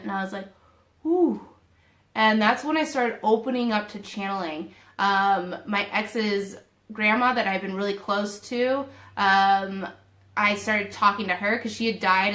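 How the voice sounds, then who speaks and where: A young woman tells a personal story in a casual, animated way, acting out her own thoughts as she goes. Her voice sits at a middle pitch and carries a roomy echo. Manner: animated, emotional retelling with quoted inner voices. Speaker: spiritual video host.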